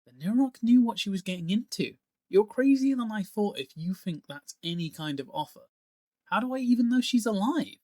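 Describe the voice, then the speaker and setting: A man voicing a sharp, defiant young female elf warrior who snaps back at her enemy. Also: high voice, huge pitch swings, a little slow, no room sound, clean studio sound, pitched above the performer's own voice, heavily acted. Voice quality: snappish, defiant.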